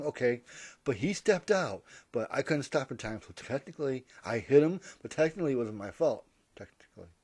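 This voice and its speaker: A man's voice: medium pitch, darkish tone, husky, no room sound. A man rambling through a comedic monologue, interrupting and correcting himself as he goes. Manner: rambling, hypothetical, self-interrupting. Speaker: vlogger.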